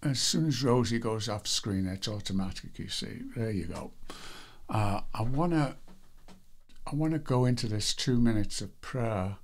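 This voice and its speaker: A man's voice: lowish voice, a little slow, a little hiss or hum. A man hosting a live devotional stream, chatting casually and greeting viewers one by one, rambling a little with fillers. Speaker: devotional livestream host.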